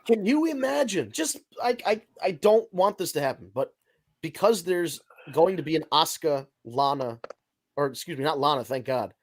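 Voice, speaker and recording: A man's voice: fairly high pitch, normal speed. Rambling, swearing man hosting a podcast. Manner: rambling, swears, animated rants. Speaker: podcast host. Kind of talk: casual wrestling chat.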